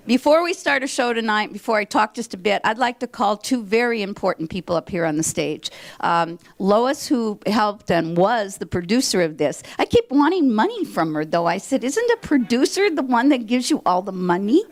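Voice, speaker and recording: A woman's voice: medium pitch, expressive, normal speed. An older woman from Minnesota, a theater director, chatting through a rambling curtain speech to a live audience from the stage. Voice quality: chatty, rambling, with fillers and restarts. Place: stage in a country club hall.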